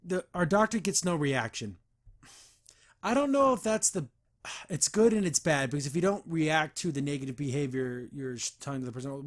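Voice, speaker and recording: Male podcast host, slightly high pitch, earnest rambling comic review delivery. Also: animated, normal speed. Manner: earnest and rambling, frequent restarts and fillers; gets heated about the veterans system. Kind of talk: casual comic review chat.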